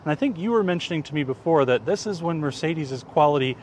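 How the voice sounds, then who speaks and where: Brief: male co-host, fairly high voice, relaxed explainer, faint street noise outside. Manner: easygoing, explanatory, quick to agree. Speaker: co-host presenting cars. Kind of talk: casual car review chat.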